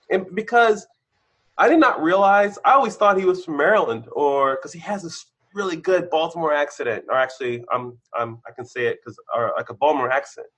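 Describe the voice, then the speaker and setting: A senior engineer guesting on a podcast gives a candid conversational interview, telling animated stories about his career. His voice, with a breathy edge, shoots up in bursts of excitement and drops low when he turns reflective.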